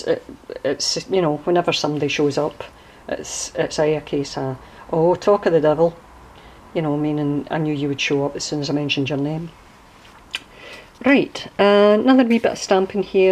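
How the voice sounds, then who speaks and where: A woman's voice: deep voice, slight background noise, rough recording. A woman from Scotland with a Scottish accent, chatting casually as she shows a handmade journal and wanders off to explain local sayings. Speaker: crafter showing a handmade journal. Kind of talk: casual show-and-tell video.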